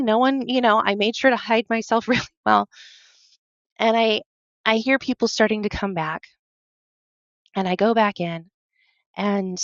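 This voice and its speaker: A woman guest on a podcast telling a personal story earnestly, halting often and quoting her own thoughts. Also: mid-range voice, no room sound, dull audio. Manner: earnest, halting, with many fillers and quoted self-talk.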